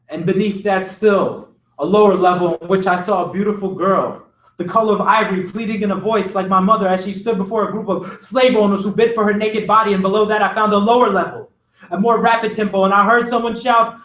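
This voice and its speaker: A young man performing a dramatic literary recitation at a speech competition, with intense phrasing and sharp swings in pace. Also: high voice, fairly even intonation, a little fast. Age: young adult. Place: large room at a speech competition. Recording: roomy hall, mic from far off.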